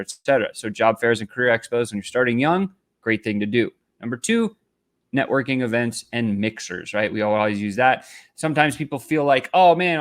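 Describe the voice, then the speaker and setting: Energetic man coaching with punchy emphasis. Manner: animated, swings pitch and loudness for emphasis; punchy, repeats "right?" and "very simple". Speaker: business coach. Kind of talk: energetic instructional talk to camera.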